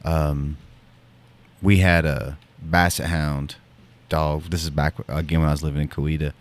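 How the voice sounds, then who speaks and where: In a very low voice with a level tone and moderate pace, a man tells a story loosely, like a chatty podcast co-host. He rambles with lots of fillers and restarts, circling back before reaching the point.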